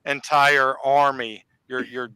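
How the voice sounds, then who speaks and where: A man's voice: medium pitch, little pitch movement, slow pace, pushed and bright, clean tone. A man chatting on a panel in an upbeat, encouraging way. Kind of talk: casual panel chat.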